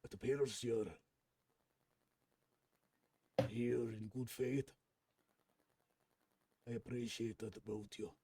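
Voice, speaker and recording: A man voicing a huge Irish-accented monster leader who talks slowly and menacingly. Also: mid-range voice, fairly even intonation, mellow, breathy edge. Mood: measured. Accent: Irish (put on). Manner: slow, looming, menacing.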